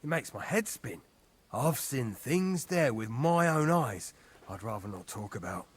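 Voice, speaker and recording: An actor playing a scheming castle servant man who gives exaggerated, conspiratorial warnings in a husky voice. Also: mid-range voice, very animated, unhurried. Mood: ominous.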